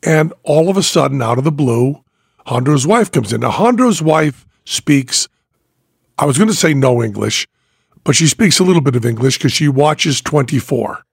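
A man hosting a podcast, telling a story in an animated, casual way and laughing as he goes. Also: on the high side, normal speed, no echo, studio quality. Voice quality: gravelly and husky. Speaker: podcast host.

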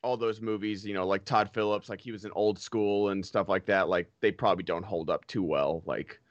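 A man's voice: low voice, steady tone, fairly quick, no echo, highs cut off. A man hosting a casual talk show, rambling and filling his speech with "like". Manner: rambling, heavy on "like". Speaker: podcast host. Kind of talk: casual chat.

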